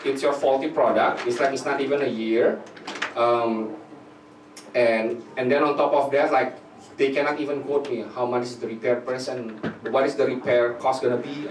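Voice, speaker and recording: A man, preaching a storytelling sermon, animated and full of fillers as he acts out quotes. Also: medium pitch, slight background noise. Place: church hall. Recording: echoey hall mic from a distance.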